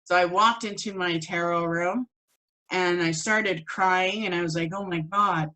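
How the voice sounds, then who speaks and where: A woman teaching a spiritual course, telling a personal story in an animated way and acting out the voices of the people in it. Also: lowish voice, a little slow, rough recording. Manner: animated, acts out quoted voices.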